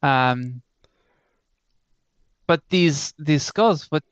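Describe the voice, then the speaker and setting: A man voicing a smooth, sinister male tower patron who sips wine, speaking with a halting put-on accent. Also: mid-range voice, fairly even intonation, a bit bright, no room sound, muffled recording. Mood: smug.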